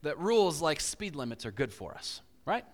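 A fairly high-voiced man preaching in a large hall, his words trailing off into a long reverb. He tells everyday stories with lively swings, slipping into the voices of the people he describes. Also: normal speed. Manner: animated, acts out inner voices with big swings. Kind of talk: sermon with storytelling.

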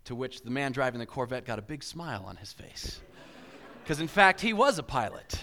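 A man preaching a sermon, telling stories in an animated way and acting out inner voices with big swings. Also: medium pitch, a little fast. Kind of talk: sermon with storytelling. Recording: hall reverb.

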